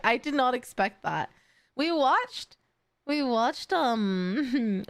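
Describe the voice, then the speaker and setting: Smooth-voiced woman streamer, excitable. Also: on the high side, normal speed, dry recording. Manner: excitable, swears casually, laughs often. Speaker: streamer reacting to a video. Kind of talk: casual live-stream chat.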